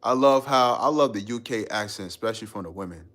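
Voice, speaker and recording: A man's voice: lowish voice, fast, fairly bright tone. Laid-back slangy man chatting on a live stream. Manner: laid-back and slangy, laughing often, riffing on chat comments. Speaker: live streamer reading viewer comments. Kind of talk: casual live-stream chat.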